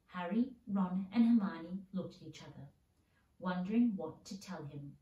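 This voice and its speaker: A woman reading a storybook chapter aloud at a steady, measured pace, recorded in a roomy space from a distance. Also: on the low side. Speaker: reader. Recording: roomy sound, mic at a distance.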